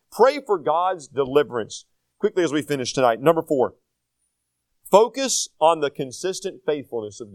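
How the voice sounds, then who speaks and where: A man's voice: high-pitched, no room sound. An older man preaching a sermon as pastor, folksy and self-deprecating, asking the congregation rhetorical questions.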